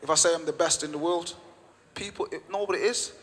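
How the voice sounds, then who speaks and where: A man's voice: a little high, fast, a bit bright. A man, a gym owner and podcast guest, telling a story with passionate emphasis and repeated phrases. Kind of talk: storytelling in conversation. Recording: long reverb.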